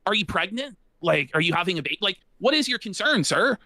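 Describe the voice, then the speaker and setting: A man's voice: high voice, big pitch swings, brisk, pushed and bright, dry recording. A man ranting and mocking during a casual reaction stream, crude and sarcastic.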